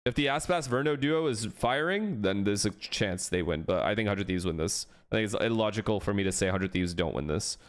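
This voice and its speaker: A man's voice: lowish voice, expressive, a little fast, few pauses. A man hosting a watch party, chatting casually and bluntly calling match winners. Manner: blunt, offhand predictions. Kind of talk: casual chat with profanity.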